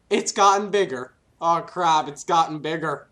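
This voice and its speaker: A man's voice: a little high, a little slow, sharp tone. Joking man playtesting his game mod. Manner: joking, teasing, laughs often. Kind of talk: casual gameplay banter.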